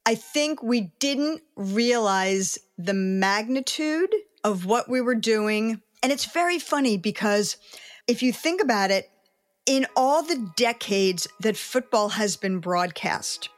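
Animated middle-aged woman telling stories. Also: a little high, slow pace. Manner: candid, animated storytelling. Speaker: sports reporter. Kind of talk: interview storytelling.

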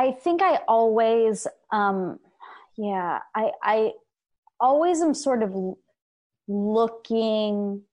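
A young adult woman, a podcast guest, talking openly and reflectively with many fillers and restarts. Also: medium pitch. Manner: open, self-reflective, frequent fillers and restarts. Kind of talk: candid conversational interview.

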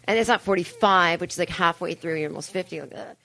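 A woman's voice: on the low side, fast, gravelly, sharp tone. A woman in her forties doing a chatty, profane, self-mocking live comedy monologue on stage, full of asides. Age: 40s. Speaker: comedian and podcast host. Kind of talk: live stand-up style monologue. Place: live show venue with audience.

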